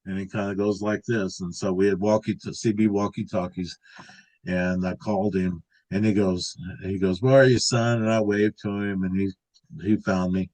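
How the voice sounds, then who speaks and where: A man's voice: low-pitched, little pitch movement, moderate pace, mellow, rough recording. A man in his sixties, an interview guest, telling a long story casually, rambling with restarts and filler words. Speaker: interview guest recounting an encounter.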